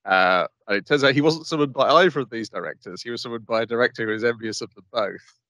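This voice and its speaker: A man's voice: mid-range voice, fast, dry recording. A man co-hosting an anime podcast, walking through the plot in casual chat with frequent "uh"s. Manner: steady plot recap with frequent "uh". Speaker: podcast co-host.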